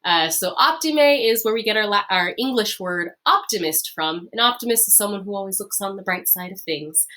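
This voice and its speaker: A woman teacher explaining a lesson in a friendly, upbeat way, with many fillers, who repeats key phrases slowly. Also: medium pitch, pushed and bright. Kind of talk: recorded lesson.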